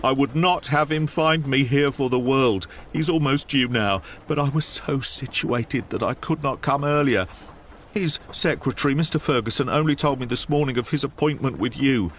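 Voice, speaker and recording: A man's voice: mid-range voice, normal speed, a little hiss or hum, lightly acted. A man reading an audiobook, voicing a thin, nervous male estate manager who shoots out short, breathless sentences. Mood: agitated.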